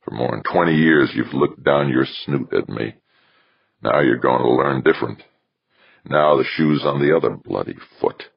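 Man reading as a blunt smuggler, sly and slangy, very deep gravelly voice, dull lo-fi sound. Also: normal speed, no echo, full character voice. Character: rough older male smuggler, sly and blunt. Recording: dull lo-fi recording.

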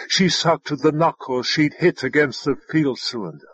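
A man reading scripted fiction narration in a measured storytelling manner. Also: mid-range voice, lively intonation, fairly bright tone, slightly rough, no echo. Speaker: audiobook narrator.

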